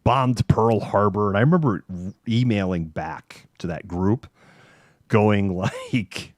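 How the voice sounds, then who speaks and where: A middle-aged man hosting a casual talk show, telling a long anecdote in an animated way, laughing between phrases and using many fillers. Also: on the low side, slow, dry recording, clean studio sound. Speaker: host. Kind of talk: casual chat, anecdotal storytelling.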